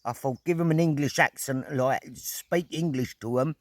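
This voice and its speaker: A middle-aged man vlogging outdoors at an evening camp, telling a story in a casual, animated way, full of slang, swearing and sound effects. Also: mid-range voice, moderate pace, no echo.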